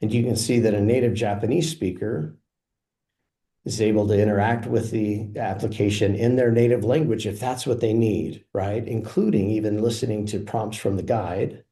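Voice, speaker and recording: Low-voiced man demoing software in a roomy space. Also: moderate pace. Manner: relaxed, explanatory. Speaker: software presenter. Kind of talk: product demo walkthrough. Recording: roomy echo.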